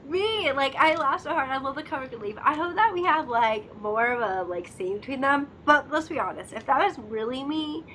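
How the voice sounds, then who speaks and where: A woman's voice: high-pitched, expressive, moderate pace, few pauses, fairly bright tone, a little hiss or hum. A young woman co-hosting a casual drama discussion, chatty and giggly, acting out scenes in quoted voices. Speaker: co-host of a drama discussion channel. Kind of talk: casual chat.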